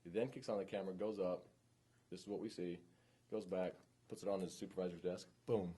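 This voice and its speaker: A man's voice: low-pitched, steady tone, fairly quick, mellow, breathy edge. A man teaching a police training class, speaking informally and often checking in with the room.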